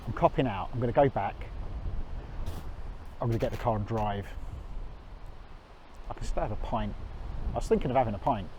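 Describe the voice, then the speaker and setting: A man's voice: fairly low pitch, brisk, pauses often, mellow, slight background noise, poor audio. A man with a chatty, self-mocking manner, talking to a handheld camera while out on a country walk. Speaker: vlogger. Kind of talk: walking vlog to camera.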